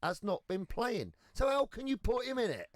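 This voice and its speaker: A man's voice: very high voice, big pitch swings, moderate pace. A man acting as a pundit on a sports radio show, arguing in an argumentative, teasing and stubborn way into a studio microphone. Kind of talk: casual sports radio chat.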